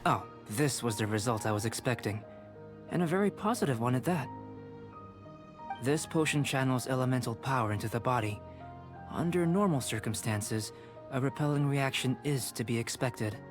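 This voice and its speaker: A man voicing a calm young male alchemist in a game, measured and lecturing. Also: medium pitch, lightly acted. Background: faint game music.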